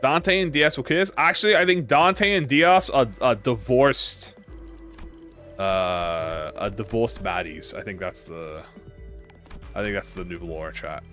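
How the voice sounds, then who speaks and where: A man's voice: lowish voice, measured pace, sharp tone. A man live-streaming a game and chatting to viewers. His talk rambles, corrects itself and trails off into mumbles. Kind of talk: casual live-stream chat while gaming. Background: faint game music.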